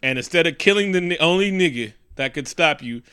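A man casually recapping a movie with a friend, animated and acting out the characters in quick quoted voices, laughing often. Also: fairly high pitch, smooth.

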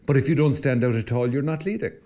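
A fast-talking Irish man with a warm, mid-range voice, he's a priest co-hosting a podcast. He tells his stories in a reflective, chatty way and frequently restarts his sentences during the casual conversation.

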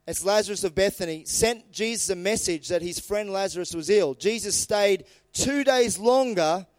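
High-voiced preacher, smooth tone. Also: male voice, normal speed, dry recording. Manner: lively storytelling, retells scripture in casual everyday phrasing. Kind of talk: sermon.

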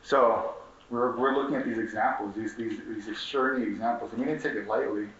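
A man's voice: on the low side, steady tone, fairly quick, a bit bright, a little hiss or hum. A young man of Mexican heritage from Chicago, giving a passionate, profane speech as a community organizer at a conference, repeating himself and asking the audience questions. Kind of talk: impassioned activist speech. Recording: distant, roomy, dull room recording.

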